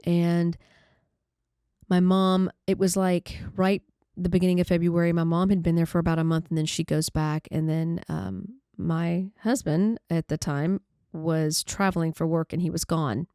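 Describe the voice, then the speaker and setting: A woman podcast host recounting a painful personal story in a halting, conversational way with many restarts. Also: lowish voice, little pitch movement, dark tone, smooth, no echo, clean studio sound.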